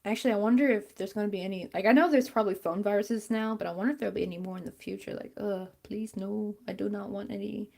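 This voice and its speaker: A woman's voice: mid-range voice, fairly even intonation, fast talker, vocal fry, few pauses, darkish tone. A woman chatting casually and rambling with many fillers while she crochets on a stream.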